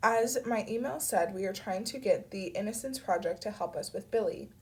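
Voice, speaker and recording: A woman with a cold voicing a warm, chatty middle-aged mother who rambles effusively on a phone call. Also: medium pitch, moderate pace, close to an everyday voice. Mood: eager. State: has a cold.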